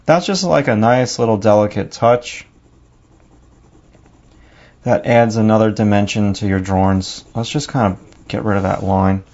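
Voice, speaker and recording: A man's voice: fairly low pitch, unhurried, long pauses, darkish tone, dull audio. Man with a New York accent teaching drawing. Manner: casual, thinking aloud while working. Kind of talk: narrated drawing tutorial.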